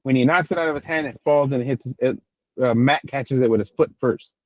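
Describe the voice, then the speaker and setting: A medium-pitched man talks fairly quickly in poor audio with no echo. Co-hosting a podcast, he chats casually through a TV episode recap, wandering off track and peppering it with fillers and restarts.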